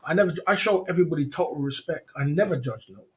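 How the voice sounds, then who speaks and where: A man's voice: fairly high pitch, lively intonation, quick pace. A man hosting a livestream, ranting indignantly in slangy, repetitive casual talk with frequent laughs. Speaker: livestream host.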